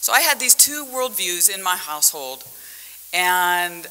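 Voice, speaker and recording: A woman scholar giving a conference talk as a panelist, telling stories in an animated way. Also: on the low side, unhurried, a little hiss or hum. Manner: animated storytelling with vivid metaphors. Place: conference hall. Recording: echoey conference hall.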